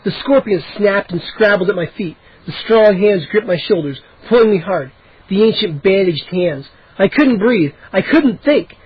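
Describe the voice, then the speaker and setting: A man's voice: high-pitched, lively intonation, moderate pace, breathy edge, muffled recording. A man reading a children's horror story aloud with dramatic, tense narration.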